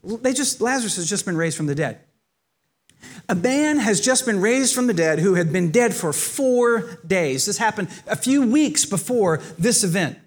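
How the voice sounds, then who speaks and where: Speaking at a normal pace in a high-pitched voice, this pastor brings his sermon stories to life and talks straight to his congregation. He is animated and expressive, performing the quoted lines.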